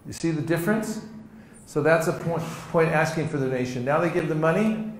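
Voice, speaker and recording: A man teaches a seminar group in a lively way, acting out little dialogues and laughing along the way. His voice sits a touch high and rings around a roomy hall, with a faint hiss in the background. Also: brisk. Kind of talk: teaching with acted-out demonstrations. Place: seminar room with an audience.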